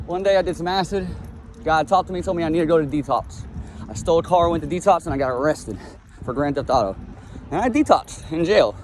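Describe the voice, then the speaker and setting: A fast-talking young man from Florida tells his own story in a blunt, rambling way and swears often. His voice sits a bit high for a man. Faint traffic and street sounds come from outdoors. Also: animated, a little mellow. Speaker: vlogger telling his life story. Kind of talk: casual storytelling monologue.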